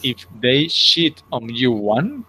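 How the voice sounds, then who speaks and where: A man's voice: medium pitch, big pitch swings, slow pace, sharp tone, a little hiss or hum. A man teaching an English class, explaining patiently step by step and checking in with his students often. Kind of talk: online class instruction.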